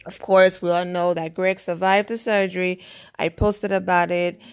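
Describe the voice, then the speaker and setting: A woman's voice: on the low side, little pitch movement, normal speed, clear, resonant tone, faint music behind. A woman giving casual celebrity news commentary in a chatty style, often saying "you know".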